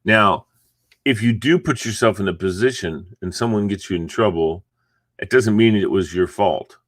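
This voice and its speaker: A man's voice: on the low side, moderate pace, no room sound, studio quality. A middle-aged man chatting casually and rambling as he hosts a morning live stream from home; he sounds sleepy and yawns between thoughts. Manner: rambling, chatty, yawning, chuckling asides. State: sleepy, just woke up. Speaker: host of a morning encouragement livestream.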